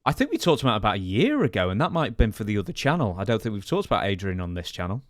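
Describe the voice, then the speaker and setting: A man's voice: on the low side, huge pitch swings, very fast, no room sound, studio quality. A man co-hosting a podcast who reads out listener questions in an easygoing, prompting way. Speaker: co-host reading listener questions. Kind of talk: casual podcast chat.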